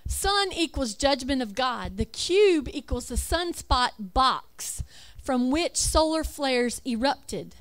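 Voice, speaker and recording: Speaking slowly and with few pauses, this religious speaker has a high voice marked by big pitch swings. Her talk over slides is emphatic, full of rhetorical questions, read-aloud lists, and self-corrections.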